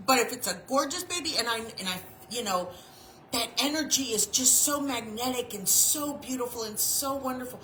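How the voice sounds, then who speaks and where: A woman chaplain preaches a casual sermon with a bright, slightly high voice. She speaks frankly and in a chatty way, repeating phrases as she tells her stories. The room is echoey, with a faint hiss behind her. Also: normal speed. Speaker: chaplain and reverend. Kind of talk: informal sermon.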